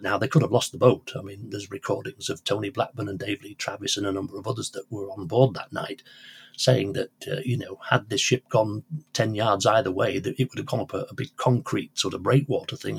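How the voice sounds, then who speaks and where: A man's voice: lowish voice, steady tone, quick pace, vocal fry, breathy edge. An older man, a radio presenter and collector, telling rambling anecdotes in an interview with many restarts. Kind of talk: conversational interview storytelling.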